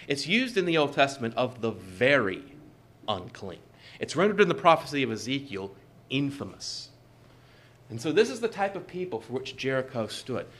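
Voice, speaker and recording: Male preacher, mid-pitched, measured and emphatic, leans on repeated phrases. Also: fairly bright tone. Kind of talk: sermon.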